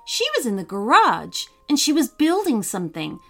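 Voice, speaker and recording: A woman narrating a children's story in an expressive, sing-song way. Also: on the high side, moderate pace, gravelly, soft background music.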